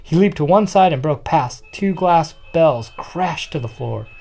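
A storyteller reading a children's picture book aloud in a steady, expressive way. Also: mid-range voice, measured pace, creaky, a little hiss or hum.

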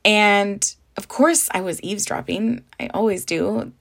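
A woman's voice: mid-range voice, measured pace, creaky. A young adult woman from the Southern California desert, hosting a casual solo podcast in a candid, chatty way that mixes in Spanish and swearing. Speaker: podcast host.

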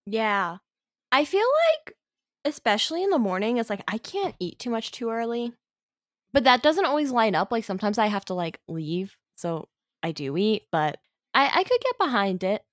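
A woman's voice: on the high side, sing-song, moderate pace, dry recording, studio quality. A young woman, a student, chatting casually about a book on a review podcast, talkative with hesitant asides.

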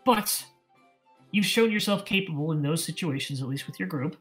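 A man's voice: on the high side, lively intonation, normal speed, a bit bright, soft background music. A man playing a polished male field agent recruiting adventurers, speaking formally but with many hesitations. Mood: patient. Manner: formal, hesitant, filler-laden.

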